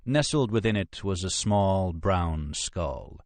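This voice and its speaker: A man reading a thriller audiobook in measured, expressive scripted narration. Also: sits low, dry recording.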